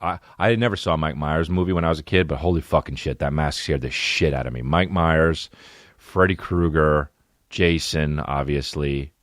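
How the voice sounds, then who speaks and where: A man's voice: extremely low pitch, moderate pace, dry recording, clean studio sound. A man in his thirties hosting a comedy podcast, telling a profane story that builds into a ranting mock outrage. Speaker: podcast host.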